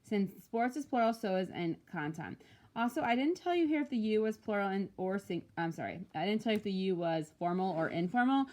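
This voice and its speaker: A woman Spanish teacher walking through homework answers, explaining patiently and slowing down to pronounce each Spanish example. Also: medium pitch, darkish tone. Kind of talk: recorded homework walkthrough.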